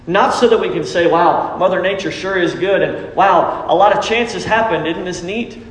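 A man's voice: high voice, moderate pace. A middle-aged man preaching a sermon as pastor, emphatic and repeating phrases for stress. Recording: echoey hall, faint background noise.

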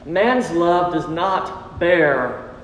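A pastor, his voice on the high side, animated and extremely slow, preaches earnestly and repetitively in a church sanctuary, calling on the congregation to respond. Slight background noise mixes with roomy hall reverb.

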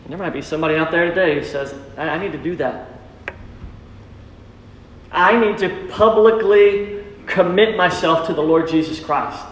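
A man preaching to his church with a high, ringing voice. He leans on emphatic lines and throws questions out to the congregation for them to answer. The sound carries a long, booming reverb from the sanctuary around him. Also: moderate pace, long pauses, slight background noise. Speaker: pastor. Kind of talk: sermon. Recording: echoey church hall.

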